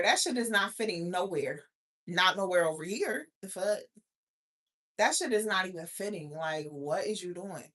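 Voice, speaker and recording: A woman's voice: mid-range voice, moderate pace, fairly bright tone. A woman hosting a live stream in casual chat, talking bluntly and profanely to her viewers. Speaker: livestream host.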